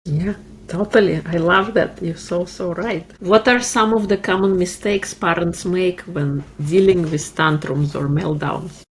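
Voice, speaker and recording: Woman host, lowish voice, agrees then asks, bit of faint noise behind. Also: unhurried, poor audio. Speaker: podcast host.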